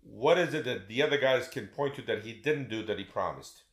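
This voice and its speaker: A man's voice: medium pitch, brisk, roomy sound. A man co-hosting a podcast who prompts the talk with short questions and interjections. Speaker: podcast co-host. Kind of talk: casual political chat.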